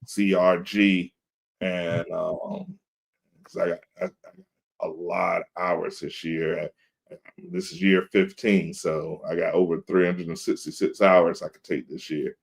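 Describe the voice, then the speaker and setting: A man's voice: deep voice, flat delivery, takes it slowly, gravelly, breathy edge. A man in his thirties, co-hosting a podcast in casual chat, telling laid-back stories and acting out quotes. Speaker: podcast co-host. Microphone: video call.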